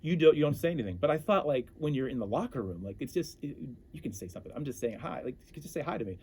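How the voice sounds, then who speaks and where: Fast-talking animated male storyteller. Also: mid-range voice, slight background noise. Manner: animated, self-interrupting storyteller. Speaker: interview guest. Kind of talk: casual storytelling.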